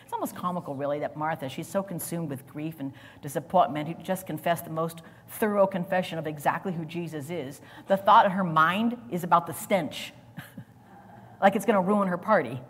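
A woman preaching a sermon in a chatty way, laughing often and building to loud proclamations. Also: on the low side, a little fast, breathy edge, in a large hall.

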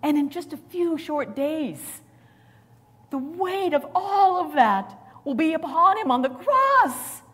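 A woman preacher delivering a sermon with dramatic swings between loud, forceful lines and near whispers. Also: high-pitched, big pitch swings, takes it slowly, big-room sound.

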